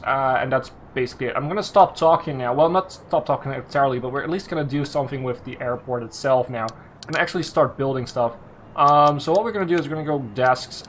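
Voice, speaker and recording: A man talks through a building game at a middling pitch. He thinks aloud as he goes, often stopping, restarting and correcting himself. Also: a bit bright, slight background noise. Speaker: let's play host. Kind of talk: casual game commentary.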